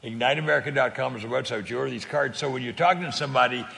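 Earnest older man with a gravelly voice. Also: medium pitch, very fast, sharp tone, long reverb tail. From California. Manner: earnest storyteller, repeats words, laughs easily. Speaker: guest speaker on faith sharing. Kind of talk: conversational testimony.

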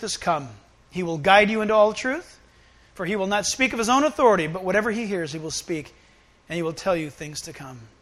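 A man preaching a sermon, animated, acting out little scenes and swinging between loud outbursts and hushed asides. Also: sits high. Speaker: pastor.

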